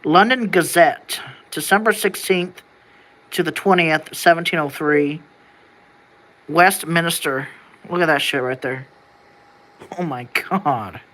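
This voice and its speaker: A vlogger thinks out loud to the camera in a loose, wandering way. Sentences stop and restart as the questions pile up, with the odd curse thrown in. The voice is bright and sharp-edged. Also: medium pitch, takes it slowly, long pauses. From United States. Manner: rambling and wondering aloud, with frequent restarts and casual swearing. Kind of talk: casual musing to camera.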